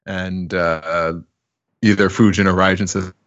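A man's voice: little pitch movement, measured pace, fairly bright tone, no room sound, lo-fi sound. A man hosting a podcast, casually recapping a comic chapter with chuckles and hammed-up voices for quotes. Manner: chuckling, hams up quoted lines in high voices. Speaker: podcast host.

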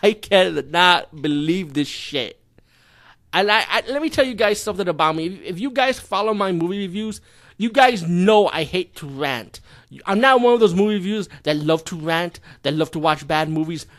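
A young man ranting in a profane, exasperated movie review, swinging from loud incredulous outbursts to low muttering. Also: expressive, a little fast.

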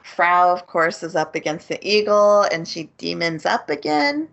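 A woman's voice: lowish voice, lively intonation, normal speed, gravelly, fairly bright tone. A woman co-hosting a casual anime podcast, recapping the plot with giggles and frequent ums. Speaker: podcast co-host. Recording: slightly dull lo-fi recording.

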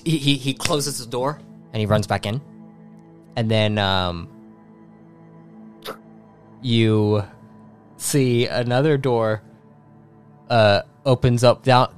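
A man's voice: mid-range voice, soft background music. A man narrating a tabletop role-playing game as game master, stumbling and restarting his sentences. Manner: halting, many restarts.

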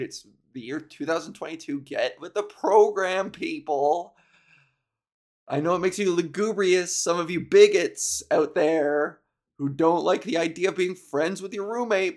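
A man, a comedian, rambling through a casual solo podcast monologue in a jokey, self-deprecating way. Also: fairly high pitch.

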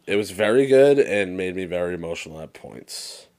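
A young man co-hosting a podcast in casual chat, an animated storyteller who swears freely and acts out movie quotes. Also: sits low, normal speed. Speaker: podcast co-host.

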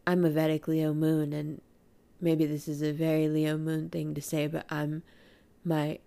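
A woman's voice: low voice, monotone, a little slow, creaky, warm tone. A woman in a candid personal monologue, emotional and raw, swearing freely, laughing and tearing up by turns.

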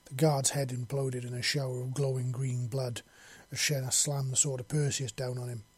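A man narrating a science fiction story in a steady, even reading style. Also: medium pitch, normal speed, breathy edge, no room sound. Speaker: audiobook reader.

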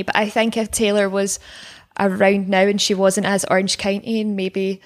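A woman's voice: medium pitch, level tone, normal speed, few pauses. A woman co-hosting a casual podcast, recapping episodes in a chatty, wry way with frequent laughs. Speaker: podcast co-host.

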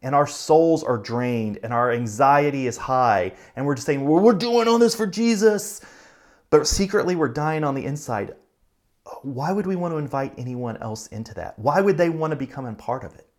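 A man's voice: mid-range voice, animated. Earnest man preaching conversationally. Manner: conversational preaching, earnest, speeds up and slows for emphasis. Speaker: pastor. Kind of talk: sermon.

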